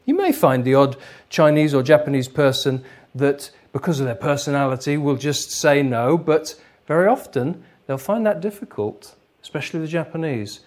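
A man leads an interactive workshop. He explains in a lively way and laughs easily. His voice sits slightly high. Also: normal speed, few pauses. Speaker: lecturer, trainer.

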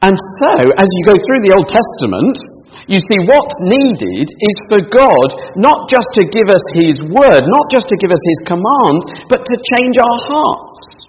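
A man's voice: high-pitched, very animated, measured pace, slightly rough, big-room sound, dull audio. A man preaching a sermon to a congregation, asking them questions and reading scripture aloud.

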